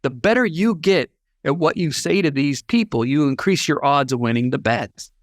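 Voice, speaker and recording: A man's voice: a little high, expressive, moderate pace, no room sound, studio quality, lightly acted. A man voicing his father, a persuasive life-insurance salesman who coaxes and pleads with his son. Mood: coaxing. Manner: coaxing, pleading, playful.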